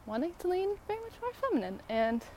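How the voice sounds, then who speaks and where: A woman talking casually to her viewers while walking outdoors, out of breath and breathy, rambling with lots of fillers and little laughs. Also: very high voice, very animated, fast talker, a little mellow, slight background noise. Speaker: vlogger. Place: outdoors on a walk, birds about.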